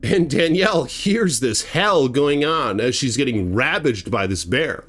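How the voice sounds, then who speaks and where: Animated male storyteller with lively pitch. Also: a little slow. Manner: animated, acts out sound effects, casual swearing. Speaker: storyteller host. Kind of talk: casual spoken storytelling.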